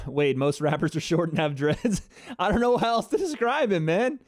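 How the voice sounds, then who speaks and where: A man hosting a live fight reaction stream, excitable and chatty, talking to his chat viewers. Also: fairly high pitch, normal speed, dry recording, studio quality. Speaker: livestream host.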